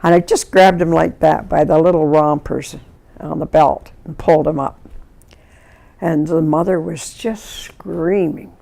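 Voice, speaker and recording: Gravelly and low, at a measured pace, this voice belongs to a Canadian woman in her nineties recalling her life in an oral history interview. She narrates with energy, impersonating the figures in her tales.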